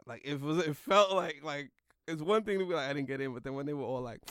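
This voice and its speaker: A man's voice: fairly high pitch, quick pace, fairly bright tone, dry recording, clean studio sound. A young man, a comedian, telling a rambling story in loose slang, full of "like" and "yo". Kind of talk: casual storytelling in a podcast chat.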